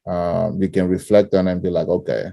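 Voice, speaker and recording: A middle-aged man from Nigeria talks in a relaxed, easygoing way, laughing often and filling his pauses with ums. His voice sits fairly low. The recording is dry and close, with no room sound. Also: vocal fry, no room sound. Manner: relaxed, laughs easily, many fillers. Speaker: guest, former coach and parent. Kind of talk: casual interview chat.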